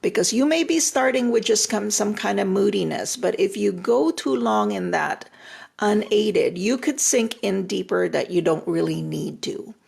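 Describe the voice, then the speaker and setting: With lively intonation and a measured pace, an older woman gives relationship advice on a live stream in a deeply gravelly, husky, slightly mellow voice. The retired therapist talks directly and reassuringly, often repeating a phrase for emphasis.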